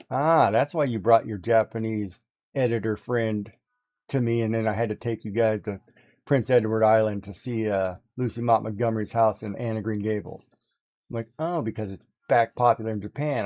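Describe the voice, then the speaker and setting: A man chatting casually on a livestream, telling animated stories, laughing often and mimicking others. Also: mid-range voice. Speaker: guest on a craft livestream. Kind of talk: casual chat.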